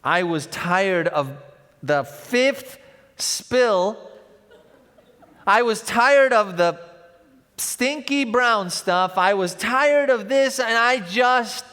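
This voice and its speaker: A male pastor preaching a sermon, telling stories and swinging from loud to hushed. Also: high voice, very animated, slow pace. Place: large church. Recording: long church hall reverb.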